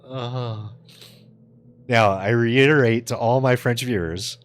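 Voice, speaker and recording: A man's voice: mid-range voice, fairly even intonation, moderate pace, slight background noise. A man live-streaming in casual chat, answering his viewers with loose, profane jokes and frequent laughter.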